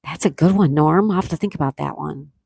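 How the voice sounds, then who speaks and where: A low-voiced woman with a gravelly edge and a Buffalo, New York accent hosts a relaxed live stream. She reads viewers' comments aloud and answers each one in a chatty way. Her voice is dry and close, with no room sound. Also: fast, no echo. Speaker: livestream host. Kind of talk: casual live-stream chat.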